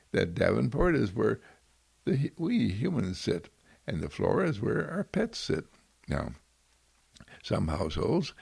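A man giving a gentle, inspirational spiritual talk, repeating soft and loving affirmations. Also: medium pitch, gravelly, husky, no echo.

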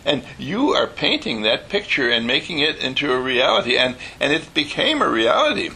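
A man giving an inspirational talk as an animated storyteller who acts out voices and laughs. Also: medium pitch, moderate pace, gravelly, a little hiss or hum.

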